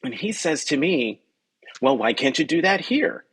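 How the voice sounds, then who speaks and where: A male journalist, appearing as a podcast guest, tells a personal story conversationally in a husky voice at a moderate pace. He's animated, acting out quoted dialogue with jumps in pitch, and he says "um" often and corrects himself a lot. The recording is rough.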